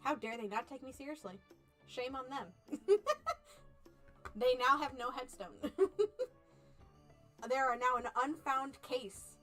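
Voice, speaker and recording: A young woman streamer reading an otome game aloud and chatting with viewers, animated, laughing often and playfully mock-angry. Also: sits high, slow pace, pauses often, faint music behind. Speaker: VTuber streamer.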